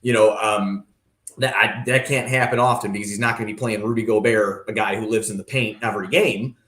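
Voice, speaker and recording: A man's voice: lowish voice, fairly even intonation, brisk, a bit bright. Passionate man talking sports, roomy sound. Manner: passionate, rambling, opinionated. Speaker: guest sports commentator. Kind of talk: casual sports radio talk. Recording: roomy echo.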